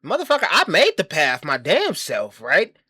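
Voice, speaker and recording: A man's voice: a little high, huge pitch swings, normal speed, bright, forceful tone, husky, dry recording, clean studio sound. A man giving a comedic monologue, bragging in a brash, profane, mock-grandiose way and rambling through self-interrupting asides. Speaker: comedy commentary host.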